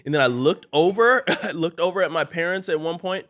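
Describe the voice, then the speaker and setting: A man in his thirties, a podcast co-host, telling a story in a casual, animated way with stammered restarts. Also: a little high, fairly quick, hardly any pauses.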